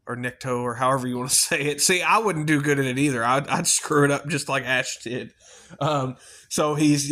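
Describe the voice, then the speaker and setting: A man recapping a film in a loose, rambling way. He fills his talk with "um" and "uh" and swears casually. His voice sits at an ordinary middle pitch. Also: fairly bright tone. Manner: rambling and chatty, with many fillers and casual swearing. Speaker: movie reviewer. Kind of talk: casual spoken movie review.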